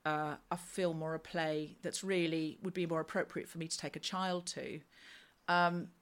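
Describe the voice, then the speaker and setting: A middle-aged woman chatting as a guest, telling rambling, lively stories in a casual conversation. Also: low-pitched, normal speed. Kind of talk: casual chat.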